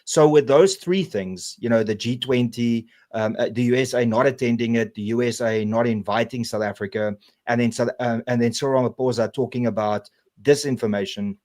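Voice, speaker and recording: A man hosting a live political stream, reading out super chats and moderating the panel in a relaxed, hesitant way with lots of fillers. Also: mid-range voice, a little fast. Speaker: host.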